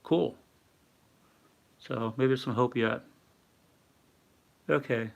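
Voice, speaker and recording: A man's voice: medium pitch, fairly even intonation, slow pace, creaky, highs cut off. An older man hosting a casual livestream, rambling and reading viewer chat aloud with lots of fillers. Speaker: livestream host. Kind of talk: casual live-stream talk.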